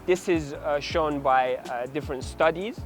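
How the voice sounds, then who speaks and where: A man giving dating advice straight to camera, animated and instructive, acting out short examples as he goes. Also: on the high side, measured pace, soft background music. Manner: animated, demonstrates approaches in acted voices. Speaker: dating coach. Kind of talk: direct-to-camera coaching talk.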